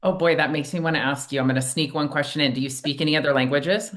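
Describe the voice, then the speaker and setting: Woman panel interviewer, low voice, upbeat and encouraging, casual delivery. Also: steady tone, quick pace. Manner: enthusiastic, encouraging.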